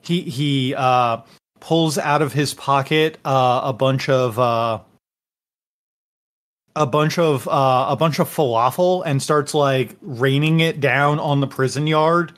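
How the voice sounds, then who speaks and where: Guy running a tabletop game, slow and halting, lots of uhs, unhurried narration. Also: medium pitch, a bit bright. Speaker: game master.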